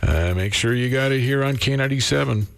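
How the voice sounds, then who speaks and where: Man, morning radio host, casual banter, mid pitch, faint music behind. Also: a little fast, gravelly, a bit bright. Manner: chatty, laughs often.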